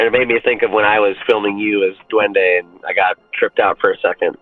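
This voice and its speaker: A man chatting casually as a podcast guest, rambling and animated, swearing freely with lots of restarts. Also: on the low side, fast talker, soft background music. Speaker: podcast guest and fan-film actor. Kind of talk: casual chat. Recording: tinny phone-like line.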